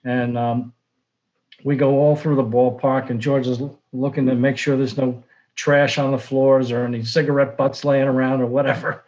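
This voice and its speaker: An older sportswriter, telling rambling anecdotes full of fillers and restarts. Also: male voice, medium pitch, level tone, normal speed, a little mellow, rough recording. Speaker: sportswriter guest. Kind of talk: casual storytelling.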